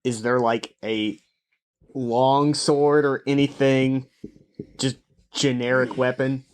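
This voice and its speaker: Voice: mid-range voice, level tone, slow, clean tone. A player in a tabletop game, chatting casually and playfully and laughing often.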